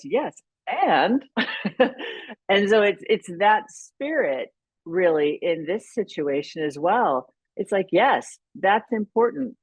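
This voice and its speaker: A woman with a low voice talks through her ideas in a podcast interview, explaining carefully and often restarting mid-sentence. The sound is dry and a little muffled, with no room around it. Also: a little mellow, no room sound. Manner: thoughtful, explanatory, with frequent restarts. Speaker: podcast guest, leadership consultant. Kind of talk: conversational interview.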